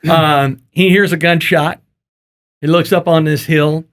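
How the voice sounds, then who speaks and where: Folksy podcast host. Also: male voice, a little high, steady tone, a little slow, fairly bright tone. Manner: folksy and joking, loose with fillers. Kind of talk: casual podcast interview.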